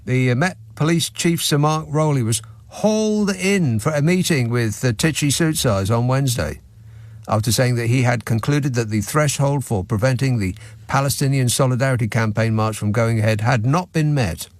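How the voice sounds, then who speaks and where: Sarcastic radio host, dry studio sound. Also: male voice, mid-range voice, normal speed, no echo. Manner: sarcastic, mocking, dry wit. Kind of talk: opinionated talk radio monologue. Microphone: studio microphone.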